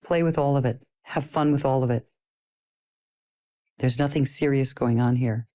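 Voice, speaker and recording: A middle-aged woman teaching a personal development course, talking in a playful, animated way and laughing often. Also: a bass voice, moderate pace. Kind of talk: casual spoken lesson to listeners.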